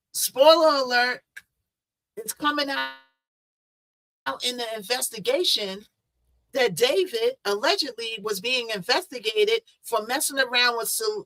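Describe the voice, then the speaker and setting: A woman's voice: fairly high pitch, slow, long pauses, fairly bright tone. A woman host chatting through a news case in a casual, conversational way, full of rhetorical asides.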